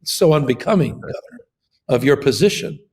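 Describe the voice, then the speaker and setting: A man's voice: on the high side, lively intonation, a little fast, darkish tone, slightly rough. A man, a governor, giving an impassioned political interview, emphatic and fond of repeating his phrases.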